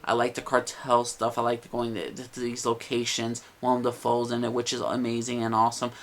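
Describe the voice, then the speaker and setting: A man's voice: mid-range voice, monotone, a little fast, a bit bright. A man giving a casual movie review, enthusiastic and rambling, with lots of "uh" and "like". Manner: enthusiastic, rambling with many fillers.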